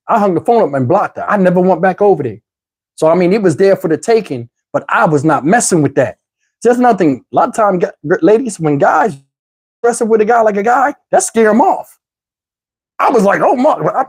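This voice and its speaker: A middle-aged man telling a comic story, animated, with loud outbursts while acting out quotes. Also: a little high, husky. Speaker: comedian. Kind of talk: stand-up storytelling.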